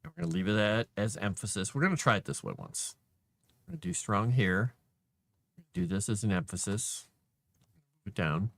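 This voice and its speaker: A man on a casual livestream, thinking aloud to himself as he formats a document and grumbling at the software. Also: on the low side, sing-song, moderate pace, long pauses, no echo. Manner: mutters to himself while working, grumbles at software.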